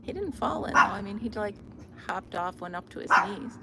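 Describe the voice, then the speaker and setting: A woman's voice: medium pitch, animated, fairly quick, vocal fry. A woman chatting casually outdoors by a river into a phone, amused and often dropping to a near whisper. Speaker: vlogger. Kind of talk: casual chat. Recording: outdoor recording with loud river noise. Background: flowing river.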